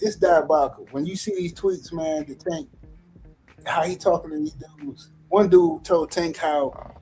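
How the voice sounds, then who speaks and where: A man's voice: on the high side, darkish tone, rough recording. A man co-hosting a podcast, talking in loose, profane banter full of fillers. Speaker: podcast co-host.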